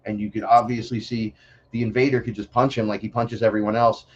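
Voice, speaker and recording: A man from the Bronx with a New York accent, a podcast guest talking in a blunt, profane, animated way. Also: on the low side, fairly quick, dull audio, slight background noise. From New York City, the Bronx. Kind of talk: casual podcast chat.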